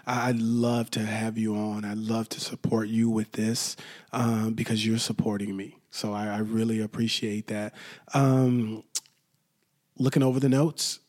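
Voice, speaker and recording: A man's voice: lowish voice, level tone, unhurried, a little mellow. A man hosting a solo podcast, rambling through stories and acting out quoted lines. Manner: rambling, storytelling with acted-out quotes. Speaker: podcast host. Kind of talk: solo casual podcast talk.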